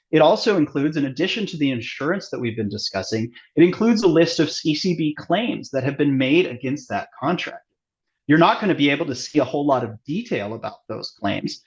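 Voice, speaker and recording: A man's voice: on the high side, dull audio. A man giving earnest, emphatic legal advice as a construction attorney in an online workshop talk.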